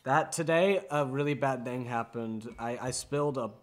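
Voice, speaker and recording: A man co-hosting a casual podcast, chatty and quick to laugh, telling small stories. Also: mid-range voice. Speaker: podcast co-host. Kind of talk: casual chat.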